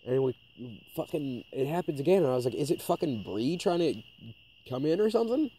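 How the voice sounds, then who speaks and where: Podcast co-host, male, mellow tone, loose swearing storyteller who acts out the dialogue. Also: mid-range voice, fairly quick, breathy edge. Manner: swearing, animated retelling with quoted voices. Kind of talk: casual storytelling chat.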